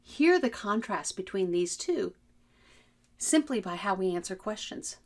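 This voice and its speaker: Lively woman teaching voice skills. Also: mid-range voice, a little slow. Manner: lively, melodic, demonstrates voices. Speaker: communication trainer. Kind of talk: instructional video talk.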